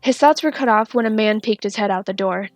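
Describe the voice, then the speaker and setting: A woman narrating a fanfiction story in a steady, soft-spoken reading. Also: mid-range voice, brisk, soft background music. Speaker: fanfiction reader.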